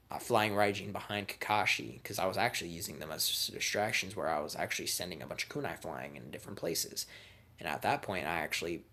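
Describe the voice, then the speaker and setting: Low-voiced guy telling a joking story. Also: sharp tone. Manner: profane, boastful, joking. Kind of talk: casual comedic storytelling.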